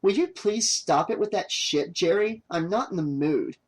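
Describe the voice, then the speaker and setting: A man's voice: high voice, animated, normal speed. A man voicing a pushy, short-tempered young woman who makes documentaries, in a raised, exasperated voice. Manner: exasperated, snappy.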